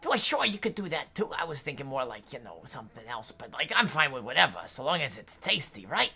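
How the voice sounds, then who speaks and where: A woman voicing a dim, cheerful, food-obsessed character who rambles loudly and hesitantly. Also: very deep voice, sing-song, fairly quick, husky, soft background music, exaggerated voice. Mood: hungry.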